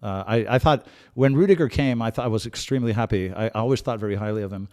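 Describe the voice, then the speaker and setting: A man hosting a live match watch-along, calmly analysing tactics and breaking into excited outbursts at big plays. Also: fairly low pitch, fast talker. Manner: chatty, repeats himself and restarts phrases. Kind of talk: live fan match commentary.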